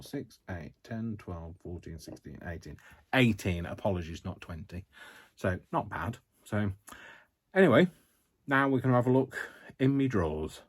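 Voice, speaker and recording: A man hosting a casual craft haul vlog, talking to camera in a chatty, rambling way with many ums and self-mocking jokes. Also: low-pitched. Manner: jokey, self-mocking humour. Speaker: craft vlogger.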